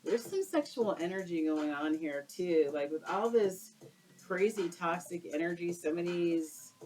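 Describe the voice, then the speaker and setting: A woman's voice: lowish voice, animated, moderate pace, a little mellow, soft background music, poor audio. A woman doing a casual tarot card reading for her viewers, exclaiming and using slang as she turns the cards. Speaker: tarot reader.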